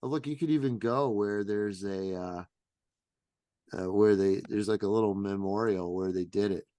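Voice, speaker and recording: A man, a stand-up comedian and podcast co-host, telling casual stories, swearing freely and acting out quotes in a loud, high voice. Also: normal speed, no echo. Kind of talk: casual storytelling chat.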